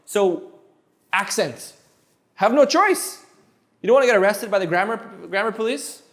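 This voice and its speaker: A high-pitched man who grew up speaking French teaches Spanish one-on-one. He talks in an animated, playful way, often repeating words and tossing in jokes. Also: a little fast. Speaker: Spanish tutor. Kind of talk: energetic one-on-one language lesson.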